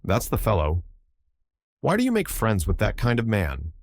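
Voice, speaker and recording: A man voicing an older baronet who is overbearing and lecherous, with a husky, pushy way of talking. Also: on the low side, wildly swooping pitch, normal speed, no echo, studio quality, heavily acted. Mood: domineering.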